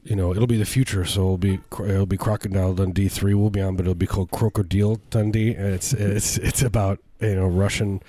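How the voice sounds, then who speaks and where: A man's voice: low-pitched, flat delivery, a little fast, few pauses, mellow, no echo. A man co-hosting a comedy podcast, riffing in a rambling, absurd way with lots of false starts. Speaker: podcast co-host. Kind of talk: casual comedic chat.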